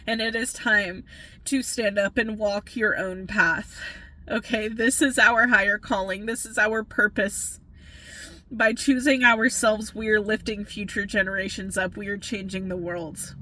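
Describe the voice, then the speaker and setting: A woman's voice: mid-range voice, fairly even intonation, a little slow, bright, forceful tone. A woman giving an impassioned spiritual pep talk as a reader, earnest and urging, repeating "okay?" and swearing for emphasis, tired from working all night.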